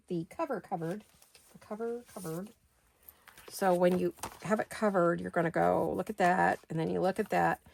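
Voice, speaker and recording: A woman in her sixties hosts a craft video from her home studio, chatting in a rambling, think-aloud manner as she crafts. Her voice is lowish and creaky.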